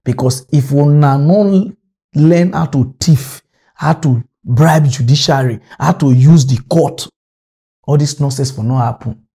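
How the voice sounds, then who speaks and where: A man from Delta State, Nigeria, whose voice is a little high, creaky, and mellow with a breathy edge, speaks somewhat slowly in a Nigerian Pidgin accent. As a political commentator, he gives an impassioned, scolding, agitated rant on politics.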